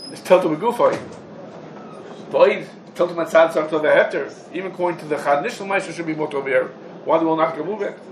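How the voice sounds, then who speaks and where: A man giving a halacha class in English, packed with Hebrew and Yiddish terms, in an echoey room. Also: fairly high pitch. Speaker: Talmud teacher. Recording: echoey room, background noise.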